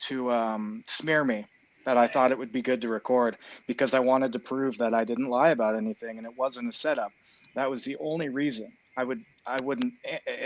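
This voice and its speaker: Defensive man with halting speech. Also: mid-range voice, poor audio. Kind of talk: casual talk.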